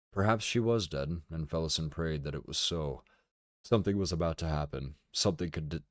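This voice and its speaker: Man, very deep voice, book reading on stream, deliberate, dry close mic. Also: no echo. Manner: steady, deliberate narration with occasional swearing asides. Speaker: streamer reading a novel aloud. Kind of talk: dramatic book reading with casual asides.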